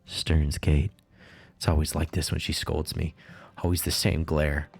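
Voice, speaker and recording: A man's voice: rumbling low, a little slow, creaky, slightly rough, faint music behind. A man streaming a game, reading its dialogue aloud and breaking off into crude joking asides. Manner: reads lines flatly, then breaks off into crude joking asides. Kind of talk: casual game playthrough with read-aloud dialogue.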